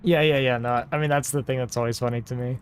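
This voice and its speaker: A man's voice: medium pitch, fairly even intonation, fast talker, slight background noise. Rambling man chatting on a livestream. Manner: rambling and talkative, reading chat aloud. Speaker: livestream host. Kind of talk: casual chat to a stream audience.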